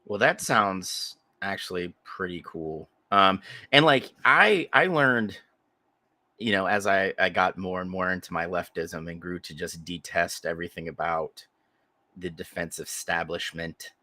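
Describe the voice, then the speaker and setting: A man's voice: low voice, unhurried, bright, forceful tone, no echo. A man co-hosting a podcast, telling a rambling, profane story in casual chat on a close mic. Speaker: podcast co-host.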